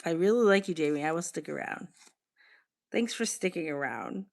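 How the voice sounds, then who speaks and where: Her voice sits on the low side, gravelly, with lively intonation and a moderate pace. She's a Boston livestream host chatting openly and reacting to the comments she reads out from viewers.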